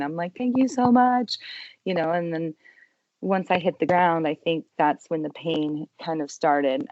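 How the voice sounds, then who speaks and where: A young adult woman telling her story as a podcast guest, earnest and emotional, dropping to a hush when quoting herself. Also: deep voice, dry recording, dull audio. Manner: earnest, emotional retelling with quiet hushed quotes. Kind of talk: personal testimony in an interview.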